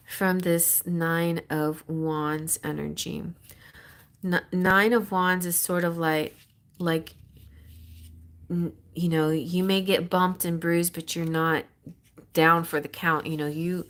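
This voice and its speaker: A woman with a somewhat low voice gives a live-streamed tarot reading. She rambles in an excitable way and often breaks off and restarts her phrases. The tone is casual and spoken straight to the viewer. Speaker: tarot reader.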